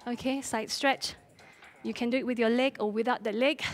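High-voiced, breathless woman fitness coach. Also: fairly even intonation, normal speed. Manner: encouraging, counts down and cheers on. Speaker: fitness instructor. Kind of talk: live workout coaching. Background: faint music.

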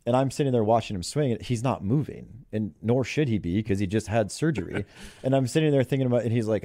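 A man's voice: mid-range voice, lively intonation, quick pace, warm tone, no echo. A man who is a head golf coach, telling stories in an interview in a chatty way and laughing often. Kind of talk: interview storytelling.

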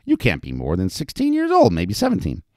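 Brief: bold, teasing frontier madam, pitched high and loud, played by a male narrator, dry close sound. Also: wildly swooping pitch, brisk, no room sound. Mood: scolding. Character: flirtatious brassy frontier brothel madam, woman.

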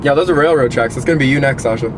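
A young man in a car giving his dog a deadpan, mock-betrayed scolding, as if she were a person. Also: medium pitch, very fast. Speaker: dog owner. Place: inside a parked car. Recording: noisy car interior.

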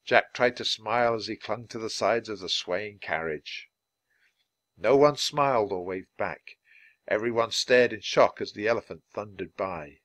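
Man reading a children's book aloud. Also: lowish voice. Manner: clear, measured, lively reading. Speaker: storybook reader.

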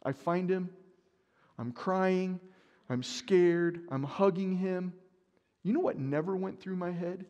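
A man delivers a sermon in a church, and his slightly high voice carries a long reverb tail. He tells stories with animation, acting out his own worry as he goes. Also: slow, muffled recording. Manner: storytelling, animated, acts out his own panic. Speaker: preacher. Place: church sanctuary.

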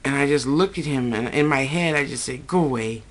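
A woman tells a long dream story in a loose, rambling way, wandering off on side remarks. She often raises her pitch to act out what others said. She talks casually, as if to a webcam at home. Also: a little fast. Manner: chatty, digressive, quotes people in a higher voice. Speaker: vlogger recounting a dream.

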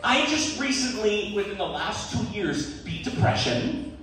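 On stage at a live comedy venue, a man hosts a stand-up show in a high, sing-song voice at a measured pace, rambling, poking fun at himself and laughing through his lines. The room is echoey, the mic distant, and loud crowd noise fills the recording.

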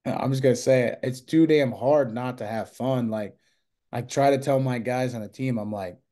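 A man's voice: medium pitch, moderate pace, mellow. A man in his thirties, a wrestler and coach, telling long rambling stories in a casual interview and acting out quoted dialogue. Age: 30s.

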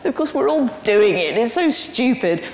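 A woman speaks as a guest lecturer and tells her story with lively energy and many ums. Her voice carries through a large room with a long, ringing echo. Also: on the high side, moderate pace. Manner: animated storytelling with frequent ums. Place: lecture hall. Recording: roomy hall with long reverb.

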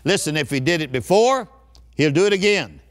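A man's voice: on the high side, lively intonation, a little fast. Older man preaching with fervent emphasis. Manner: emphatic call-and-response preaching. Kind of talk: sermon.

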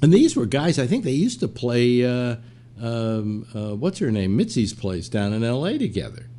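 An older man hosts a casual chat show, spinning stories at an easy pace. He leans on fillers like "uh" and "you know" and slips into mock voices when quoting others. His pitch sits in an ordinary middle range. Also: big pitch swings, normal speed, warm tone, slight background noise. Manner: storytelling, many fillers, mimics quotes. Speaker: podcast host.

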